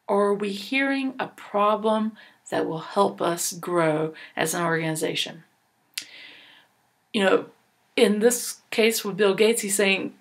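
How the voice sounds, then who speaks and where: A woman's voice: medium pitch, gravelly, husky. Woman giving volunteer training. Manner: earnest, instructive, with fillers and restarts. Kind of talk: training presentation.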